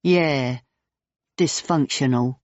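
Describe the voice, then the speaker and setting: A blunt, laid-back male clown with an Estuary English accent, as an audiobook reader puts him on. He talks slowly and casually. The recording is dry and dull. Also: mid-range voice, a little mellow, dry recording, lightly acted.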